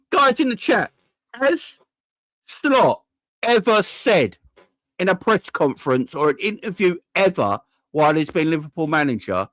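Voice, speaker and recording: A man's voice: a little high, fairly bright tone, no room sound. A man hosting a live-stream football fan channel, ranting heatedly, swearing and talking to his chat.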